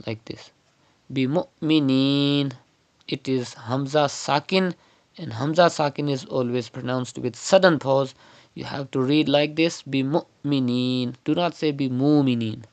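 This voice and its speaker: A man teaching Quran recitation online, explaining pronunciation rules step by step and repeating words slowly as examples. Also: mid-range voice. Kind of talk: online tajweed lesson.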